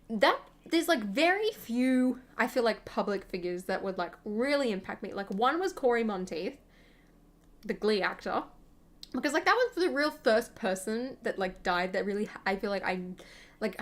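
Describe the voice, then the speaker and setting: A young woman, hosting a gaming channel and chatting casually over gameplay in a rambling way, full of fillers. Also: medium pitch.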